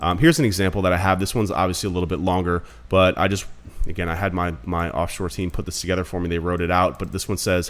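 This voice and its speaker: A man's voice: low-pitched, fairly even intonation, fast talker. A man in his thirties giving a casual screen-recorded marketing tutorial, blunt and conversational, calling viewers guys. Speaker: marketing instructor.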